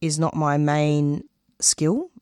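A woman's voice: deep voice, slow, darkish tone, clear, resonant tone, no room sound, clean studio sound. A woman from Australia, a radio producer and host, talking in an interview, earnest and passionate, often restarting her sentences. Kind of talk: casual interview talk.

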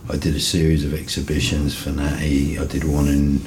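Interview guest: middle-aged man, rumbling low voice, lively storyteller. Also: fairly quick, background noise. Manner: animated, swears freely, acts out quotes. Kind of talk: casual storytelling.

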